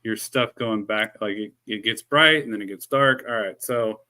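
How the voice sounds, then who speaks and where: Sharp in tone and lowish in pitch, a man speaks at normal speed during a casual live stream. He mutters and jokes sarcastically while fumbling with his camera and a desk microphone he keeps adjusting.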